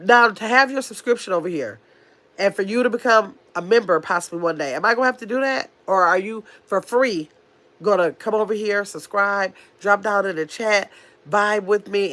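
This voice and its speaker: A woman in her fifties with a nasal voice, hosting a casual livestream, talking very fast and bluntly while reading chat comments. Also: medium pitch, fairly bright tone. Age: 50s. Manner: talks very fast, blunt and chatty. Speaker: livestream host.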